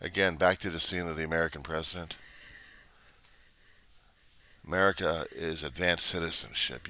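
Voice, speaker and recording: This vlogger talks fast in a low-pitched, steady voice that's bright and forceful. His political monologue is argumentative, packed with rhetorical questions, and he plays both sides of the debate himself. There's no echo.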